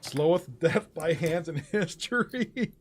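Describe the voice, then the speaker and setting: Male stream host, fairly high voice, animated and loose, quick to laugh and curse. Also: slight background noise. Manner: laughs often, swears freely, reads chat aloud. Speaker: host of an online hockey game league stream. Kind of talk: casual live-stream commentary.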